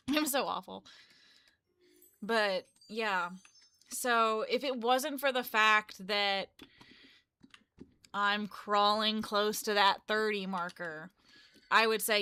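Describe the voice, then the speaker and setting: A woman's voice: medium pitch, takes it slowly, pushed and bright, smooth. A woman in her twenties chatting casually on a live stream, rambling and correcting herself as she goes. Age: 20s. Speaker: live streamer and game developer.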